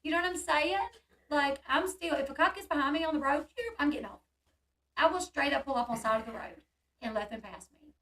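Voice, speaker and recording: A woman with a high, bright voice tells a story in a casual hangout chat. She gets animated and acts out the quoted voices. She sounds a little distant from the mic. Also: a little fast. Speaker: channel host.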